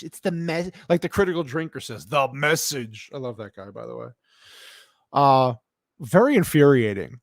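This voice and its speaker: Reading his chat aloud on a casual live show, a man with a slightly high voice rants bluntly, grumpily, and profanely. There's no echo, and the studio sound is clean.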